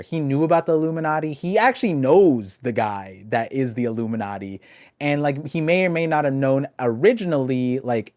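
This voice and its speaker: A young adult man hosting a casual podcast chat, talking in an animated, rambling way with lots of restarts. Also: medium pitch, dry recording, clean studio sound. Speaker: podcast host.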